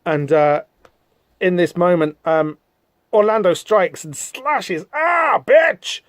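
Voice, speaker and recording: A man's voice: a little high, takes it slowly, no echo, studio quality. A man hosting a podcast, chatting casually through a comic book, rambling with many fillers and restarts. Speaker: podcast host.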